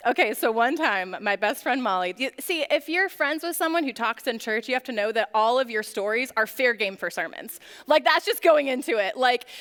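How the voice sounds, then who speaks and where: High-voiced young woman telling stories in a reverberant hall. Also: fairly bright tone, clean tone. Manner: chatty storytelling full of "like" fillers. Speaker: youth ministry speaker. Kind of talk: casual youth group talk. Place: church youth room.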